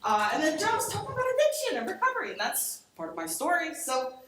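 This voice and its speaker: A woman from Cleveland giving an energetic, chatty conference talk on a lapel mic in a large lecture hall. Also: high-pitched, quick pace, background noise. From Cleveland, Ohio. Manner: animated, chatty, acts out quoted friends. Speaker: conference speaker. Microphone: collar lapel mic. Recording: very echoey hall, distant mic.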